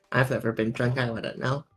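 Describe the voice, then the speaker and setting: A man's voice: mid-range voice, level tone, normal speed, fairly bright tone, slightly rough, soft background music. A man hosting a puzzle stream, chatting in an upbeat way and laughing often. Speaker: stream host running the segments. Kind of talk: casual chat.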